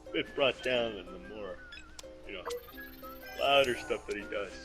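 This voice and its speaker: A man's voice: fairly low pitch, moderate pace, over music. A man co-hosting a casual podcast, rambling and self-deprecating. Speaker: podcast co-host. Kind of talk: casual chat.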